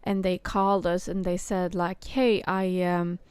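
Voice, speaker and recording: A woman telling a work story in casual chat, halting and full of fillers and restarts. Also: lowish voice, little pitch movement, darkish tone, clear, resonant tone, dry recording. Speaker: podcast host.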